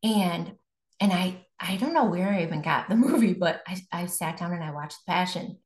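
A young woman shares her faith testimony as a guest, chatty, with fillers and restarts. Her voice sits a little low for a woman. The recording carries a roomy echo. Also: moderate pace. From Buffalo, New York. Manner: conversational, many fillers and restarts.

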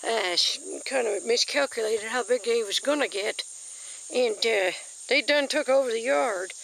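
Folksy woman vlogger, bright and somewhat high-pitched, chatty and easily excited, filming close up outdoors in her garden. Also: unhurried, gravelly, a little hiss or hum, low-quality recording. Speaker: nature vlogger. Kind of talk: casual nature walk-and-talk.

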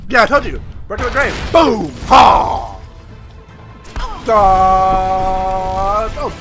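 A man commentating his own gameplay as a video host, excitable and swearing a lot, often squealing. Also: extremely high pitch, moderate pace, vocal fry. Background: game music and sound effects.

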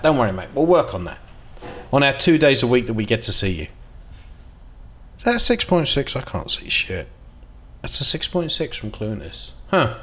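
A man giving casual, excitable commentary while playing a football management game, dropping to mutters and jumping to loud outbursts. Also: mid-range voice, normal speed. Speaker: gaming video host.

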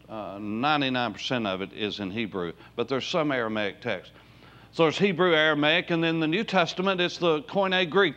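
A man preaching a sermon from the pulpit, his voice a little higher than most men's. He leans hard on key words and stretches them out, then drops low and quiet. The church recording sounds dull and lo-fi. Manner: preaching with emphatic rises and drawn-out words. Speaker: pastor. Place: church sanctuary.

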